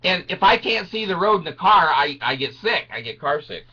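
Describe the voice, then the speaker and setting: An older man telling a rambling comic story, laughing through his words, crude and self-mocking, swinging from low mutters to high yelps. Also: very animated, normal speed, bright, forceful tone, breathy edge, muffled recording.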